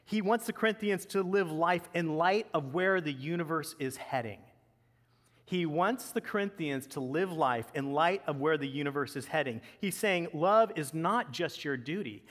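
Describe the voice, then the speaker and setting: Man, pastor, conversational sermon, slightly high voice, long hall reverb. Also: expressive, normal speed, fairly bright tone. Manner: conversational preaching with asides.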